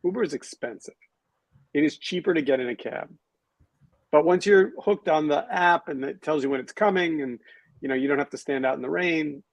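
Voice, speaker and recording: A man's voice: on the high side, fairly quick, creaky, no room sound, poor audio. A man hosting a casual panel discussion, wry and sarcastic, thinking aloud with restarts. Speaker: podcast host.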